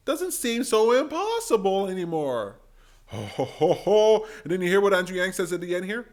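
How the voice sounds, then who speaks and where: A man's voice: high-pitched, a little fast. Hyped man reacting, voice swinging wildly. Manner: animated, mimics voices, laughs and exclaims. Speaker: political commentator. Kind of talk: excited reaction commentary.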